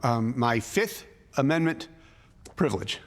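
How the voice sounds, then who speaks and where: An actor playing an awkward, rambling witness who testifies at a hearing. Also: male voice, mid-range voice, animated, natural voice. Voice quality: halting, rambling. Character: awkward, rambling male party-crasher witness. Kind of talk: TV drama testimony.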